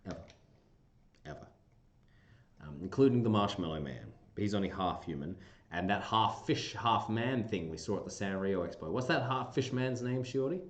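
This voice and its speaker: Goofy high-swinging man, echoey room. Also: animated, normal speed. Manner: playful, goofy, jumps into high squeaky bursts. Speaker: livestream host. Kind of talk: casual livestream chat answering viewers.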